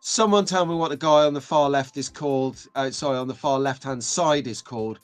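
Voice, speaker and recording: A middle-aged British man hosting a casual live stream, chatty and excitable, greeting viewers by name. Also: medium pitch, a little fast, clean tone, soft background music.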